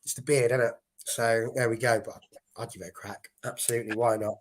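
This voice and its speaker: Chatty, excitable man hosting. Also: medium pitch, brisk. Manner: chatty, excitable, rambling with restarts. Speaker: host. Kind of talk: casual chat.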